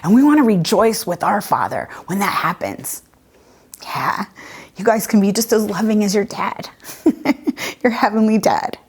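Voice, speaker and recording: A woman's voice: mid-range voice, lively intonation, measured pace, breathy edge. A woman leading a children's church lesson, telling a Bible story in a chatty, casual way with many fillers. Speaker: children's ministry leader.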